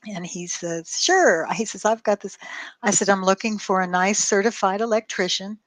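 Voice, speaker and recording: A woman talks through a long personal story, acting out both sides of every exchange in her own voice. She swears freely and keeps a casual, animated tone. The sound is dry and close, with no room echo. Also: medium pitch, moderate pace. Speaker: co-host telling a story.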